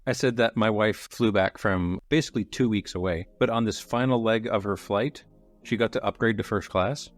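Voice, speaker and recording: A man's voice: lowish voice, normal speed, faint music behind. A man hosting a podcast, chatting casually, laughing easily and recapping the story. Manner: easygoing, laughs often, summarizes plot. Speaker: podcast host.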